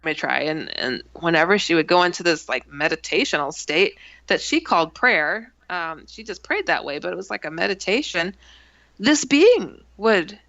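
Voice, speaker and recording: Gravelly bright woman telling a story. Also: fairly low pitch, normal speed. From Milwaukee, USA. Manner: animated, acts out quotes, laughs mid-sentence. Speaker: guest author and researcher. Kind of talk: storytelling on a radio talk show. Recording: dull, dry lo-fi sound.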